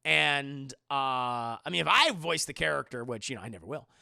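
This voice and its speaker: A man chats on a livestream in a fast, rambling way, often swearing and laughing. His voice is bright and gravelly with a lively, swooping pitch. The sound is dry and close to the mic. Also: no echo. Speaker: livestream host. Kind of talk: casual chat answering viewer questions.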